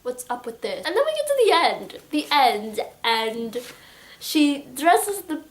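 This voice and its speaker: A young adult woman chatting excitedly about a book in a casual vlog, full of filler words. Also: high voice, measured pace. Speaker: book reviewer.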